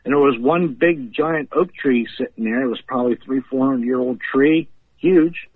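A man's voice: mid-range voice, moderate pace, slightly rough, no echo. Male guest, rambling laughing storyteller, phone-line sound. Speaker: guest paranormal investigator. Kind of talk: casual storytelling on a podcast.

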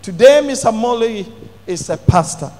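A middle-aged male pastor, telling a testimony in a sermon with dramatic bursts of shouting. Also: high voice, expressive, normal speed. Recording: long hall reverb.

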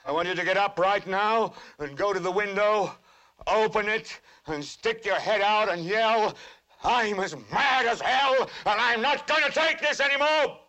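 An actor playing a furious middle-aged TV news anchor, preaching on air and building to shouts. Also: male voice, sits high, unhurried. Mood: enraged. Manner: impassioned, preaching, rising to shouts. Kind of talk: film acting.

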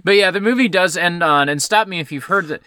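A man co-hosting a podcast, chatting about an old film in a rambling, excited way, full of fillers. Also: high-pitched, quick pace, clean tone, dry recording, clean studio sound. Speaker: podcast co-host. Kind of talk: casual film discussion.

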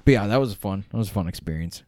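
A man in casual podcast chat, swearing constantly and talking excitedly. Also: on the low side, quick pace, no echo. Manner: profane, excitable.

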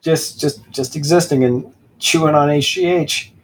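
A man chats loosely on a podcast, reading lines from a book with sarcastic, put-on drama. His voice is husky and a bit breathy. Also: a little high, steady tone, normal speed. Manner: sarcastic, reads passages aloud with mock dramatic voices. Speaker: podcast co-host. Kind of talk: casual mocking book review chat.

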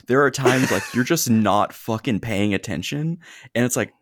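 A man's voice: mid-range voice, moderate pace, no echo, studio quality. A man co-hosting a casual podcast, blunt and joking with casual swearing. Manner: blunt, profane joker. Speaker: podcast co-host.

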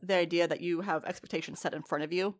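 A woman from the United States in casual podcast chat, animated, laughing often and swearing freely as she recaps a show. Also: on the low side, fast talker. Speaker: podcast co-host reacting to an anime.

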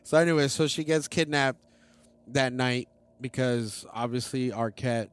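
A man's voice: medium pitch, unhurried, clean tone, dry recording. A man casually and profanely recapping a film, rambling and acting out the characters' lines. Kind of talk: casual movie-recap chat.

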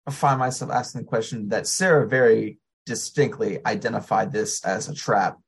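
A man guesting on a podcast, giving measured, dry commentary in casual chat. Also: on the low side, vocal fry, slightly rough.

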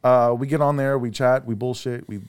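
A man's voice: medium pitch, fairly even intonation, brisk, clear, resonant tone. A middle-aged man hosting a casual podcast, joking and laughing as he reads out call-in numbers and thanks sponsors. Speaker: podcast host.

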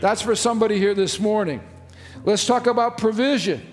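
A man's voice: high-pitched, brisk, soft background music. A man preaching a sermon as pastor, reading scripture and stretching key phrases for emphasis. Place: church sanctuary. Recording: long reverb of a church hall.

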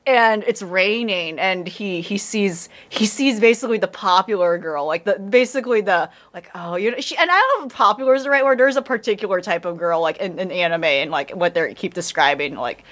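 A woman's voice: medium pitch, fairly quick, hardly any pauses, fairly bright tone. A woman in casual anime review chat, rambling, swearing, and laughing often.

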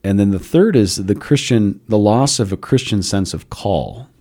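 Low, mellow-voiced man musing aloud. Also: expressive, normal speed. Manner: thoughtful, with frequent restarts and musing asides. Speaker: podcast host. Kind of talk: casual reflective discussion.

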